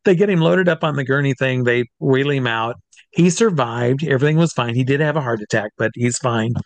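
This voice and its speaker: Middle-aged man, stage hypnotist, animated storyteller, mid-pitched voice, dry close sound. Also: a little fast, no room sound. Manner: animated, acts out voices in his stories. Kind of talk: storytelling in an interview.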